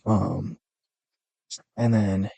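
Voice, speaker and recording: Young man, husky low-ish voice, dry close sound, rambling casual storyteller. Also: fairly even intonation, drawn-out words, mellow, dry recording. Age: young adult. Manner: rambling, lots of fillers and restarts. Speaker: college student vlogger.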